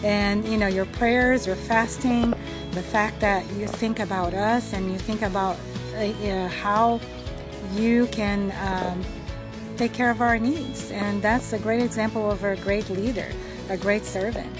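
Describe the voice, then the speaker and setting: An earnest woman recording a heartfelt birthday message and quoting scripture. Music plays clearly behind her voice. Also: mid-range voice, fairly even intonation, unhurried. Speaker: church friend giving a birthday tribute.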